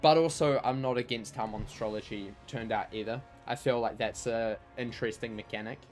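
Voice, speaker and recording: On a game livestream with soft music in the background, a man speaks fairly quickly in a steady, medium-pitched, slightly mellow voice. His casual chat wanders around, full of "like" and "you know."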